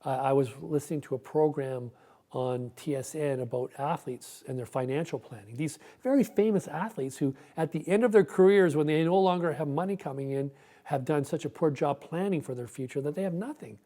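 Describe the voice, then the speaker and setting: A man's voice: fairly high pitch, fairly quick, warm tone. A middle-aged male pastor giving an earnest, reflective sermon, often repeating words as he thinks aloud.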